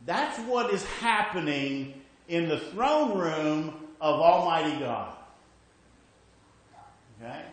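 A man preaching slowly and deliberately, with a voice that sits a little high for a man. His sermon is conversational and keeps checking in with the listeners, then falls soft and low for scripture. The whole thing rings out in a very echoey room. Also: expressive. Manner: conversational, often adding "okay?"; rises for emphasis, then drops low and quiet when reading scripture.

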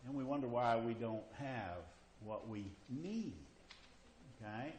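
A man's voice: mid-range voice, a little slow, darkish tone, slight background noise. A man preaching a sermon, often checking in with his listeners with questions like "okay?" and "you see?". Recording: echoey room.

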